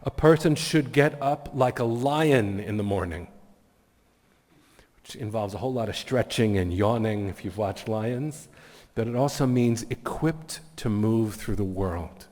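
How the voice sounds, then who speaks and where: Male guest speaker, earnest storyteller, low voice, reverberant event hall. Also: measured pace, a little mellow. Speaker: guest speaker at a community meeting. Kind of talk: inspirational speech with personal stories.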